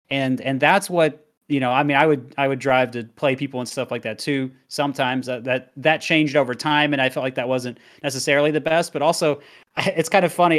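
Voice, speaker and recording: A young man answering interview questions about his past with candor and self-deprecating honesty, reflecting at length. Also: mid-range voice. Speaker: guest, competitive player and streamer.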